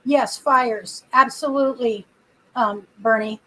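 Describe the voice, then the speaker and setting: A woman's voice: on the high side, steady tone, slow, sharp tone, low-quality recording. A woman hosting a casual livestream, chatting and telling stories to her viewers in a rambling way, recorded without her microphone. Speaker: livestream host. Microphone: computer built-in mic, no external microphone.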